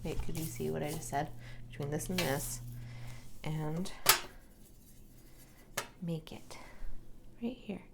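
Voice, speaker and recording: A young woman chatting casually while she paints, soft-spoken and often slipping into a whisper as she works. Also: deep voice, steady tone, slow pace, vocal fry, pauses often, noisy background. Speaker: watercolor crafting vlogger.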